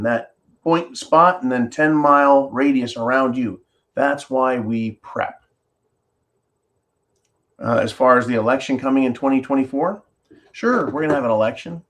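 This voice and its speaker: Speaking at a moderate pace in a mid-range voice, this man hosts an opinion show. He rants with lively sarcasm, imitates others in mocking quoted voices, and reads viewer comments aloud.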